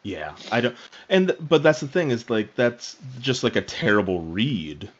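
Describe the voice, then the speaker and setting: A man's voice: mid-range voice, big pitch swings, unhurried, highs cut off. A man in a casual podcast chat, thoughtful and a bit rambling.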